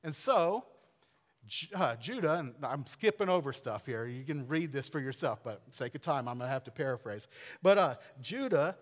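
A male pastor preaching in a casual, animated storytelling way, full of fillers and asides. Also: mid-range voice, normal speed, in a large hall. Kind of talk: sermon.

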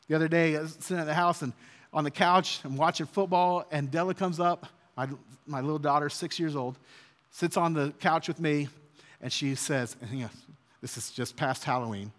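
A man's voice: on the high side, brisk, fairly bright tone. A man in his thirties preaching an earnest, conversational sermon as a pastor. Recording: long hall reverb.

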